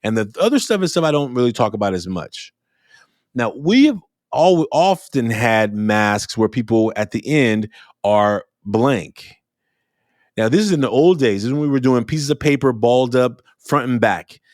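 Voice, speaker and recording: A man speaking in a casual, animated monologue about running youth workshops. His voice sits at an ordinary middle pitch. The sound is dry and close, with little room around it. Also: moderate pace, dry recording. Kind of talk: reflective podcast monologue.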